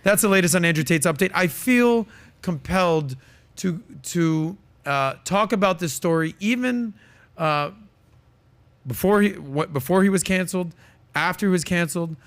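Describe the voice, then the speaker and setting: A man's voice: high-pitched, moderate pace, fairly bright tone. A man hosting a podcast, giving emphatic, opinionated commentary in a casual way with plenty of fillers. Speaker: podcast host.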